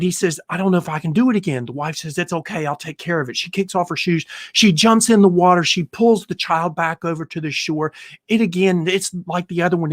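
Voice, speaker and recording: A man's voice: high voice, dry recording, clean studio sound. A man hosting a retirement planning show, talking straight to his viewers and telling a long parable in an earnest, repetitive way. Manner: earnest storytelling, repeats himself when telling a parable. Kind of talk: direct-to-camera talk.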